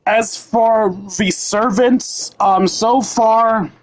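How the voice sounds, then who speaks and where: A man's voice: sits high, fairly even intonation, drawn-out words, low-quality recording. A man streaming a video game, chatting casually and explaining the story to viewers.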